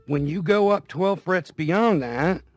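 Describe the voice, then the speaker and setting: A guitar vlogger with a high voice speaks slowly, giving a casual, folksy talk on guitar care. He repeats himself as he demonstrates, and a guitar plays now and then in the background.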